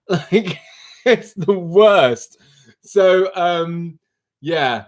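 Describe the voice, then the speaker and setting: A man's voice: high voice, expressive, drawn-out words, pauses often, a little mellow. A man hosting a live stream, chatting casually in a giggly, rambling way. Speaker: livestream host. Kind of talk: casual chat.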